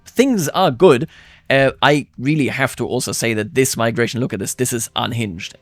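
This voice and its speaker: Man, game commentary host, chatty, thinking aloud, dry close sound, faint background music. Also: dry recording. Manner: chatty, musing aloud, quick jumps of pitch and loudness. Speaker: let's-play host.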